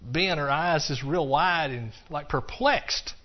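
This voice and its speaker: A man's voice: on the high side, slow. A man preaching a sermon, emphatic and telling a story, with frequent restarts. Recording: dull lo-fi recording.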